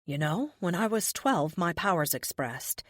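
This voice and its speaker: A woman voicing a young female empath who talks in a soft, confiding way, in an audiobook. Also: lowish voice, expressive, unhurried, no echo, clean studio sound. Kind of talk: audiobook character voice.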